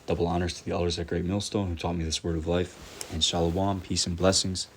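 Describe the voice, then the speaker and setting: Low-voiced man preaching, "all right?". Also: flat delivery, a little hiss or hum. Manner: peppers speech with "all right?"; reads verses slowly and deliberately. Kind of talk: scripture teaching.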